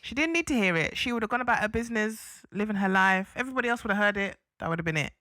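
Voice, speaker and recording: Podcast co-host, woman, high and bright voice, swoops a lot in pitch, expressive, dry close sound. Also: racing, no room sound. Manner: expressive, laughs often, acts out quotes. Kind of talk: casual chat.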